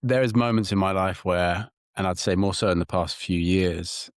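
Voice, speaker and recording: A man with a very low voice, speaking as a podcast guest in a measured, thoughtful way. He often circles back over his words while he gathers his thoughts. The sound is close and dry. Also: no echo. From England. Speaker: psychotherapist guest. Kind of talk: reflective interview talk.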